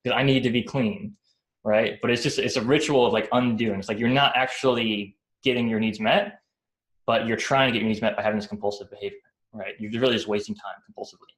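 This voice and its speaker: A man talks casually about emotions, explaining psychology in a rambling way and tossing in fillers like "like" and "right?" after almost every point. His fairly low voice is steady and fairly bright, and he talks fast. The room is echoey.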